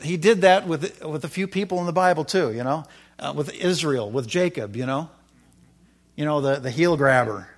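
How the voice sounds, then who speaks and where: A middle-aged man giving a sermon with a personal testimony, telling his story with animated swings from loud excitement to quiet asides. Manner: animated storytelling, rising loud when excited, dropping low for quoted asides. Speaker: preacher.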